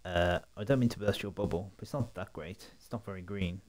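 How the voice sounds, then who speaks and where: A man's voice: low-pitched, fairly quick, a little mellow, close to an everyday voice. A man reading a dry, sarcastic young companion.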